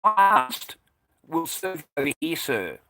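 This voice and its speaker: A man's voice: a little high, huge pitch swings, slow pace, vocal fry, pushed and bright. An Australian man telling a personal story in a casual, profane, combative monologue. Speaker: vlogger recounting a personal incident.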